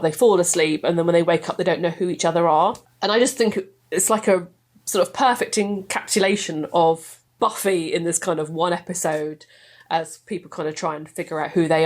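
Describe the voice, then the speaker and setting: A woman's voice: on the low side, fairly even intonation, normal speed. A woman, chatting enthusiastically as a podcast guest and laughing often. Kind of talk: casual chat.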